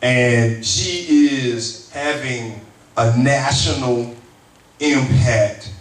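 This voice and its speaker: The emcee of this community town hall, a university teacher, introduces speakers and offers acknowledgements in an earnest, thankful manner. His medium-pitched voice moves extremely slowly, and the recording is distant, roomy, and faintly noisy.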